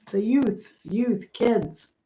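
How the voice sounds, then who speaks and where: A woman's voice: fairly high pitch, slow, mellow, poor audio. A middle-aged woman hosting a casual live-stream trivia game. She is chatty, laughs often, reads questions aloud and greets viewers by name.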